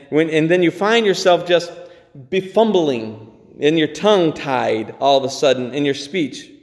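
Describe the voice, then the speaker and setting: A man delivers a sermon with earnest, halting sincerity, doubling back on words and letting out short chuckles. His voice sits a bit high for a man. The sound rings with the long reverb of a large church hall. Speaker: pastor.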